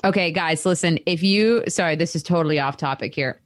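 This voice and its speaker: A woman's voice: low-pitched, a little fast, a little hiss or hum. A woman co-hosting a podcast in casual, chatty talk, giggling and wandering into asides. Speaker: podcast co-host.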